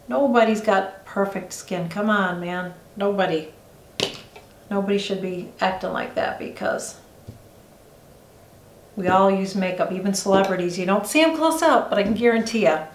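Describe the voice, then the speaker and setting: A woman's voice: medium pitch, slight background noise. Chatty middle-aged woman in a roomy room. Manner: rambling, confiding, reassuring. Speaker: beauty vlogger. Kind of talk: chatty get-ready-with-me vlog. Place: indoors at home doing her makeup on camera. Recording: roomy echo.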